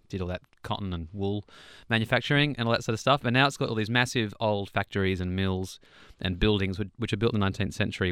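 A man's voice: fairly low pitch, fairly bright tone, smooth, dry recording, studio quality. A young man, a songwriter, chatting loosely in an interview with restarts and small laughs. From Australia. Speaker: songwriter guest. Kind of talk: relaxed interview chat.

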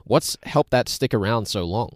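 Male radio host, deep voice, dry booth sound, asks questions in long flowing sentences. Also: animated, moderate pace, dry recording. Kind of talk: radio interview.

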